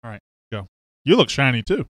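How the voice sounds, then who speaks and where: A man's voice: mid-range voice, big pitch swings, a little fast, a bit bright, no echo, clean studio sound. A man hosting a casual sports live stream, chatting and reading out viewer comments. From Mississippi. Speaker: sports podcast host. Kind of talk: casual livestream chat. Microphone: webcam setup on a live stream.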